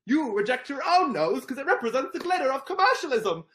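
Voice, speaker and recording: A man's voice: extremely high pitch, sing-song, a little fast, pushed and bright, echoey room, pitched above the performer's own voice, exaggerated voice. A young man doing an impression of a sneering, grumpy male Grinch in a drawling, nasal, mock-posh voice. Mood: sarcastic. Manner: exaggerated mock-posh delivery.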